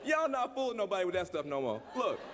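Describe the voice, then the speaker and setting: A man's voice: sits high, big pitch swings, fast. A man giving a humorous conference speech to an audience, folksy and teasing, then turning earnest and preacher-like. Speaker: keynote speaker, activist. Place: large lecture hall. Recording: long hall reverb, faint room noise.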